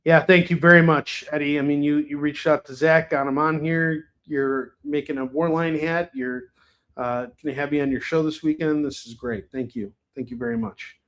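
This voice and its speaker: Laid-back, swearing streaming host. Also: male voice, fairly high pitch, fairly even intonation, normal speed, a bit bright. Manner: loose, laughing, swears freely. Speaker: live shopping show host. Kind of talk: casual livestream chat.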